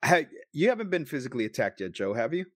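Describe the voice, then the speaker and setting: A man's voice: mid-range voice, very animated, quick pace, no echo, studio quality. A man hosting a podcast, chatting casually with guests in a joking, profane, easygoing way. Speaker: podcast host.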